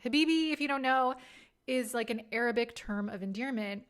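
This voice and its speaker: A woman's voice: fairly high pitch, brisk, clear, resonant tone. A woman in her thirties hosting a podcast, telling candid and self-deprecating stories in a casual way and laughing often. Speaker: podcast host. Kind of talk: casual storytelling monologue.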